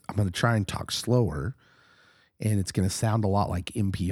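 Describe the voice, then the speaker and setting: A middle-aged man who co-hosts a podcast, talking casually while hoarse and husky from a recent illness, animated and laughing often. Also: sits low, moderate pace, no echo, clean studio sound. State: hoarse, getting over an illness. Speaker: podcast co-host, pastor.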